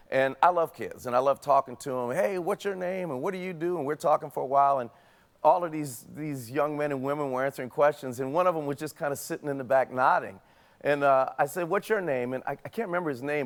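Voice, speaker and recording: A man with a Southern US accent, hosting a talk show and telling a comic story to his audience, animated and laughing through his lines. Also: medium pitch. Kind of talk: comedic storytelling to a studio audience.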